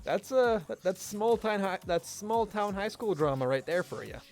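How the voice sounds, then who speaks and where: A man's voice: high voice, moderate pace. A young man streaming live, telling a story casually with lots of swearing and laughter. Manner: animated, profane, laughing often. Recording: faint music underneath. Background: faint music.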